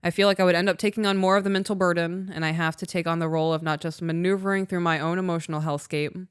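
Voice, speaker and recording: Smooth-voiced woman talking frankly. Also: on the low side, fairly even intonation, quick pace, dry recording, studio quality. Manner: frank, emotional, swears freely. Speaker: podcast co-host. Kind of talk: candid casual chat.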